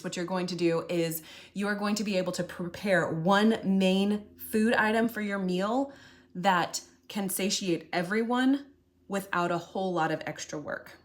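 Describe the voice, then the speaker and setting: A woman with a fairly low voice talks straight to her viewers in a relaxed, chatty way. She sounds earnest and gently encouraging, like a food vlogger sharing what worked for her. Her tone stays warm in intent without any hard sell. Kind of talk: casual encouraging monologue to camera.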